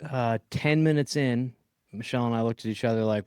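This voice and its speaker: A man's voice: mid-range voice, brisk, a little mellow, smooth, no echo, studio quality. A man co-hosting a podcast, chatting in a rambling, joking way from a job trailer. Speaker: podcast co-host. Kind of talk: casual chat.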